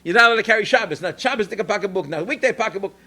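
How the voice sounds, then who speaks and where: Man voicing an old grandmother, indignant, loud, scolding, high and bright, fast. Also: animated, heavily acted. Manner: loud, scolding, meant to be overheard. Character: indignant elderly Polish-Jewish grandmother.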